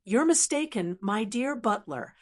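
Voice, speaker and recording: A woman's voice: a little high, animated, a little slow. A woman doing a breezy young lord. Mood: amused. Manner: breezy, laughing.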